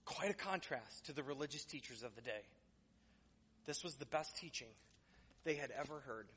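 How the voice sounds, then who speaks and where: A man's voice: medium pitch, lively intonation, moderate pace, a bit bright, breathy edge, big-room sound. A man preaching a sermon as pastor in a church, conversational and joking, building to emphatic declarations. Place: church sanctuary.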